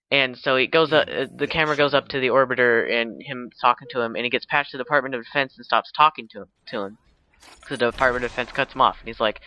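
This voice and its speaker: A fast-talking young man with a mid-range voice recaps a movie for his casual vlog, rambling along with lots of fillers and self-corrections. The recording is dry, dull and lo-fi, made at home by the uploader himself.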